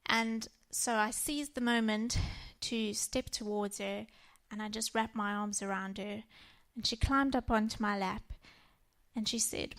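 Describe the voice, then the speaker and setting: A woman in her thirties giving a church talk on parenting, telling personal stories gently. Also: mid-range voice, fairly even intonation, measured pace. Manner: warm personal storytelling, gentle. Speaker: church speaker.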